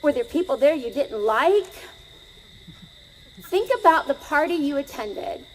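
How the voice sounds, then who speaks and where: A woman's voice: sits high, expressive, unhurried, a little hiss or hum, rough recording. A middle-aged woman telling a story live to an audience, conversational and asking them questions.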